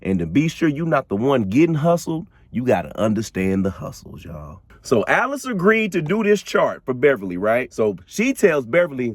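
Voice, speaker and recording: A man's voice: mid-range voice, normal speed, hardly any pauses, no room sound, clean studio sound. A man hosting a podcast, telling a true crime story in a casual, slangy way, laughing and talking straight to his listeners. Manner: animated, slangy, laughs often, addresses listeners directly. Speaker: podcast host.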